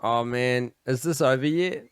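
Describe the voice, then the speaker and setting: A man co-hosting a podcast, wry and deadpan in casual chat. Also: unhurried, clean tone, dry recording. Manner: deadpan, wry, low-key. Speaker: podcast co-host. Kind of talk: casual chat over a film.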